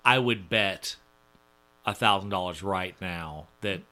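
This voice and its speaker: A man's voice: deep voice, takes it slowly. A man hosting a casual podcast, telling stories and reading out news items. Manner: animated, reads headlines aloud. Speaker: podcast host.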